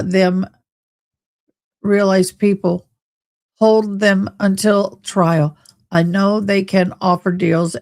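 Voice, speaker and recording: A woman hosts a live stream, reading letters and recapping events in casual commentary. Her pace is very slow, her voice sits on the low side, and she talks in a loose, chatty way with drawn-out exclamations. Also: a little mellow.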